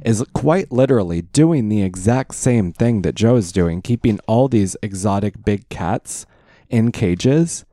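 A man's voice: on the low side, animated, measured pace, dark tone, no room sound, clean studio sound. A man co-hosting a podcast, chatting casually and animatedly, slipping into exaggerated impressions. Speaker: podcast co-host. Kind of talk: casual chat.

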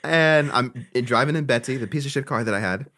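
A man's voice: mid-range voice, fairly quick. A young man, co-hosting a podcast and telling a long story in casual chat, cursing and laughing as he goes. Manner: animated, profane, laughs through his story. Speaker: podcast co-host.

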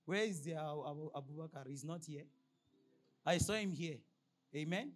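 A man preaching a sermon as pastor, prompting the congregation to finish his lines and reading scripture slowly and emphatically. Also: a little high. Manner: call-and-response, prompting the congregation with "what?".

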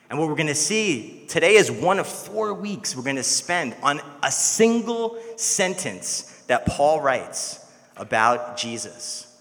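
A man's voice: on the high side, long reverb tail. A young man preaching a sermon in a church, telling stories in a conversational way. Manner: conversational storytelling, animated when quoting others. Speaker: pastor.

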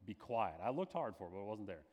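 A man's voice: lowish voice, very animated, racing, big-room sound, dull audio. A male pastor preaching a sermon, slipping into quoted voices with dramatic shifts.

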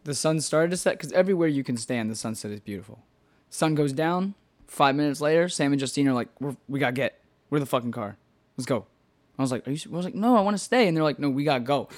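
A young man in casual chat, telling stories in an animated way, full of swearing and filler words. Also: mid-range voice, fast talker. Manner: animated storytelling, lots of swearing and "like".

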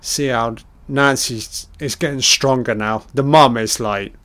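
A man rambles through a casual film commentary in a mid-pitched voice. He swears freely and breaks into mock dialogue for the characters, then carries on chatting. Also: unhurried, a bit bright. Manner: sweary, jokey, acts out characters' lines.

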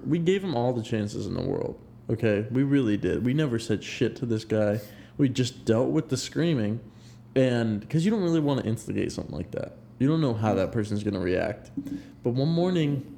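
A man's voice: medium pitch, gravelly, mellow, a little hiss or hum. A young adult man co-hosting a podcast, telling a story in a laid-back, rambling way and laughing along as he goes. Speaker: podcast co-host. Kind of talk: casual storytelling chat.

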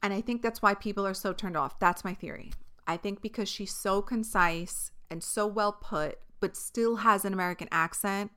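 A woman's voice: medium pitch, moderate pace, bright, forceful tone, clean tone. A young woman from New York with a New York accent, hosting a podcast in a frank, chatty monologue full of fillers and the odd swear word. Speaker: podcast host. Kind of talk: casual solo podcast monologue.

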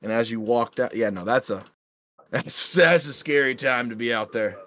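A young man co-hosting a podcast, casually telling animated ghost stories and swearing freely. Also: medium pitch, moderate pace, dry recording, clean studio sound. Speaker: podcast co-host.

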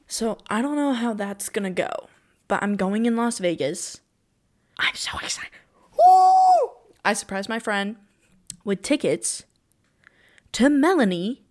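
A teenage girl hosting her own podcast, chatting casually and gushing with lots of exclamations. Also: mid-range voice. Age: teens. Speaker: podcast host. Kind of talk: casual solo chat.

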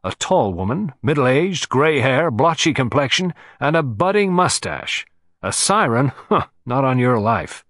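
A male narrator puts on a large, overdressed, blustering man with a loud, dismissive way of talking. His voice swings widely in pitch, pushed up with bluster. The read is dry and close, audiobook style. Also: big pitch swings, unhurried, dry recording. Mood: scornful.

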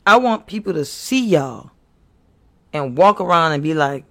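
A man's voice: on the high side, animated, measured pace, a bit bright. A man preaching to his viewers with impassioned, earnest exhortation, pleading and repeating himself. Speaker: faith speaker.

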